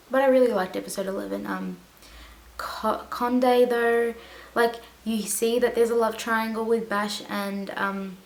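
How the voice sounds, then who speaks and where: A woman vlogger chatting casually about a TV show, rambling with lots of fillers and restarts. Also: mid-range voice. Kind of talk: casual chat. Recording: echoey room with faint hiss.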